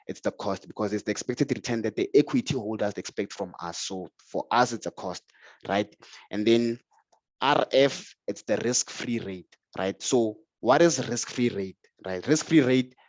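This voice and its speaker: A man's voice: lowish voice, darkish tone, dry recording. A man lecturing on finance who keeps asking "right?" and answers his own questions, often repeating words as he starts. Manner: stumbles and repeats words when starting phrases. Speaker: finance tutor. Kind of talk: explanatory lecture. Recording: dull, lo-fi, dry sound.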